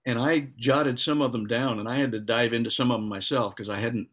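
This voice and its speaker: A man's voice: medium pitch, steady tone, a little fast, a bit bright. A man co-hosting a casual faith discussion, speaking earnestly and agreeably, explaining his views at length. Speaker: co-host.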